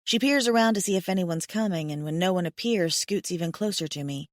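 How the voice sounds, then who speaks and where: A woman's voice: lowish voice, a little fast, no room sound. A woman narrating a first-person audiobook in a wry, self-mocking storytelling manner into a close studio mic.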